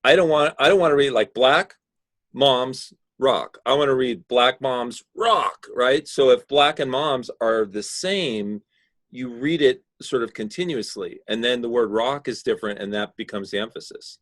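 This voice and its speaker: A man's voice: medium pitch, normal speed, no echo. Instructor, male, patient explainer, dry close sound on a video call. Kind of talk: giving design critique in class.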